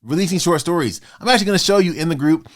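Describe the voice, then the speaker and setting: A man in his fifties hosting his own motivational vlog, talking in a passionate, fired-up way with sudden loud bursts. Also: on the high side, very fast. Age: 50s. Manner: acts out doubters in quoted asides. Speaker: author and channel host.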